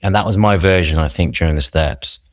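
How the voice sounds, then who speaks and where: A man's voice: deep voice, a little fast, no echo, studio quality. A man, a podcast guest, telling his recovery story in an earnest, reflective, rambling way with many restarts.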